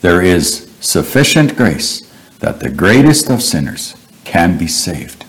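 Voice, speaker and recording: Male preacher, sermon, low voice, very slow unhurried delivery, earnest. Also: very animated, low-quality recording. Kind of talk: sermon retelling Bible stories.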